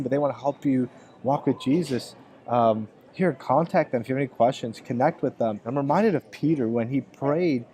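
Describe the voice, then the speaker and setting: Man, earnest storyteller, mellow dark voice, ordinary pitch, casual update. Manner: earnest storytelling, quoting others in his own voice. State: choked up with emotion. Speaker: ministry leader giving an update.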